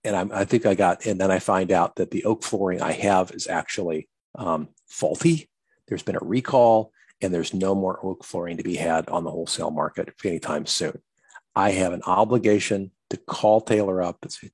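A man's voice: normal speed, darkish tone, dry recording. A man coaching listeners on client communication, earnestly acting out sample conversations with customers. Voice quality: low gravelly husky voice. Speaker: business coach. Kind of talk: instructional talk on client communication.

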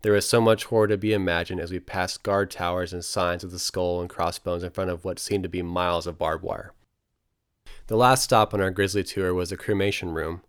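A man reading his travel memoir aloud as scripted narration, in a quiet, somber storytelling manner. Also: sits low, dry recording, clean studio sound.

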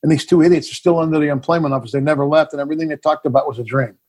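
Middle-aged male filmmaker guest, husky tone, lively storyteller who acts out scenes. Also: fairly high pitch, racing. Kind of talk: casual interview chat.

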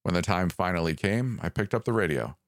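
A man narrating a first-person horror story in a calm, measured way. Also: low voice, no room sound.

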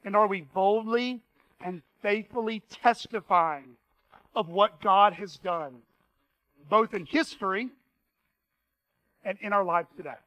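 Man, pastor, sermon, earnest, sharp tone, dry close sound. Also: high-pitched, takes it slowly, pauses often, no room sound, poor audio. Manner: earnest, reads quotes aloud with emphasis.

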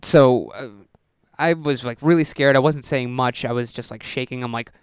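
A man's voice: medium pitch, moderate pace, smooth, dry recording, clean studio sound. A young man telling a story in casual chat. He acts out the quotes and laughs partway through sentences.

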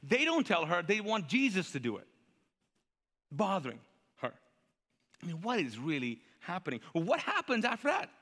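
Man, pastor, conversational sermon, rhetorical questions, high voice, long hall reverb. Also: huge pitch swings, normal speed, long pauses, sharp tone. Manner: conversational preaching with rhetorical questions and audience call-and-response.

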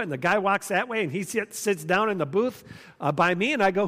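With a high, fairly bright voice and lively intonation at normal speed, a man in his fifties gives a storytelling sermon as a pastor. He's earnest and conversational, leaning on emphatic repetition, and the hall adds long reverb.

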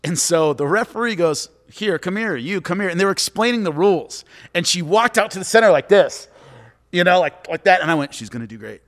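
On a podcast awash in long echoey reverb, this middle-aged man's high-pitched voice moves fairly quickly. He's a former MMA fighter and commentator appearing as a guest, chatting casually and acting out whoever he quotes as he spins lively stories.

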